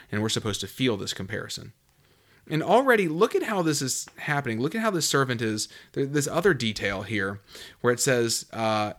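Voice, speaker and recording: A man giving a conversational Bible teaching, reading verses aloud and then explaining them in a relaxed, musing way with fillers, jumping high and loud when he stresses a point.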